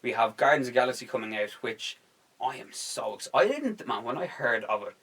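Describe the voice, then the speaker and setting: Excitable swearing young man on a podcast. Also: mid-range voice, fairly quick. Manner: excitable, swears a lot, acts out scenes. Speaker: podcast host. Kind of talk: casual chat.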